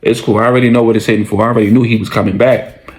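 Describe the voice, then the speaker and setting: A man's voice: fairly low pitch, level tone, rapid-fire, a little mellow, lightly acted. A man doing a cool unbothered young fighter. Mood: calm.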